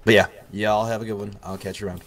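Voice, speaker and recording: A man's voice: fairly low pitch, level tone, racing, crowd noise. A man on voice chat talking easygoingly with gaming friends and swearing casually. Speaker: guest player on voice chat. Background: game music.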